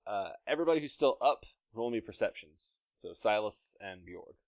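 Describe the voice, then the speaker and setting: Low-voiced man running a tabletop game. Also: expressive, dry recording. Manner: playful, narrating combat with quick asides. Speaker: game master. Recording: dry, slightly dull podcast mic.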